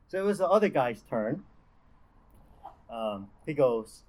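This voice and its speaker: A man's voice: medium pitch, sing-song, a little slow, pauses often, darkish tone, poor audio. A young man giving a casual devotional talk as a campus ministry speaker, chatty and full of fillers and restarts. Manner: conversational, lots of fillers and restarts.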